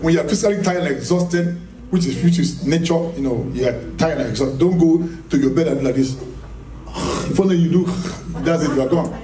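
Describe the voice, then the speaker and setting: Crowd noise surrounds a man with a voice on the high side who preaches fairly quickly. In the echoey church hall, caught on a distant mic, he delivers a charismatic sermon, repeating phrases for emphasis, questioning the congregation and laughing often.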